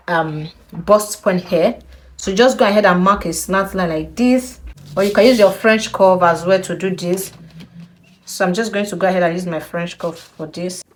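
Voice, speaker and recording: A young woman giving a patient step-by-step sewing tutorial, repeating key points and checking in with the viewer. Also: medium pitch. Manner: slow, patient, repeats instructions with frequent "okay?". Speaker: sewing instructor.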